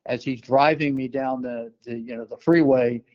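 An older man from New York telling a personal story as an interview guest, relaxed, with many fillers and restarts. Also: mid-range voice, moderate pace, lo-fi sound.

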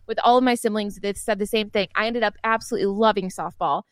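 A woman's voice: mid-range voice, fast talker, no room sound. A young woman, an interview guest, telling family stories in a chatty way and laughing often. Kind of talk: casual storytelling in an interview.

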